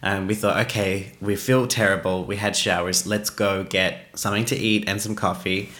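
A man casually telling a travel mishap story on a podcast, animated and poking fun at himself. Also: lowish voice, moderate pace. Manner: animated, self-mocking, laughs at his own story. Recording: roomy echo.

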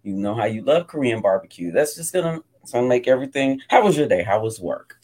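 A man's voice: mid-range voice, very animated, fast, darkish tone, pitched below the performer's own voice. A man voicing a breezy wife who orders takeout instead of cooking, in an improvised comedy sketch, talking in a sing-song, deflecting way.

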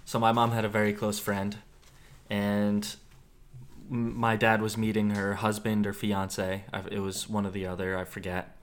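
Low-voiced teasing man. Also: completely flat delivery, moderate pace. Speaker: podcast co-host. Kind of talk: casual chat.

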